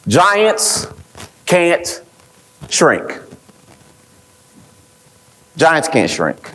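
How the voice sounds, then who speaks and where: A man giving a motivational talk to a live audience, telling stories with rhetorical repeats and acting out what others said. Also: on the high side. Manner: rhetorical repeats, quoting others in lively voices. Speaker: speaker at an event.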